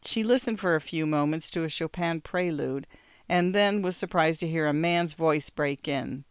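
Calm audiobook narrator, smooth voice, measured storytelling, dry close mic. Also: mid-range voice, dry recording.

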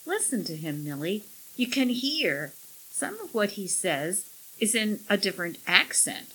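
A woman's voice: mid-range voice, very animated, a little slow, bright, forceful tone, a little hiss or hum, poor audio. A woman doing a hesitant, easygoing young husband. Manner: tentative, trailing off mid-sentence. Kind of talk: audiobook character voice.

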